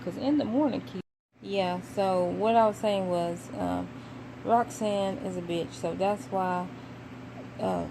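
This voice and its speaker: A young woman with a Southern US accent from Tennessee, chatting casually and emphatically on a vlog, with fillers and pauses. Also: mid-range voice. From Knoxville, Tennessee, USA. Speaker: vlogger. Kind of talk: casual chat. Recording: home recording with clear background noise.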